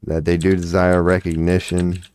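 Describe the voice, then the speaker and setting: A man's voice: low-pitched, monotone, normal speed, darkish tone, clear, resonant tone, no echo. A man hosting an astrology live stream, talking casually and profanely while he works on his computer. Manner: laid-back, profane, muttering while working on the computer.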